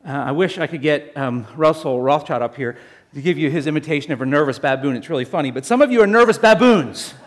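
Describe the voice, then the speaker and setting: A man preaching a sermon, telling a story in a lively, jokey way and speaking straight to the congregation. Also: a little high, fast talker. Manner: animated, jokey storytelling addressing the congregation as folks. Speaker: pastor.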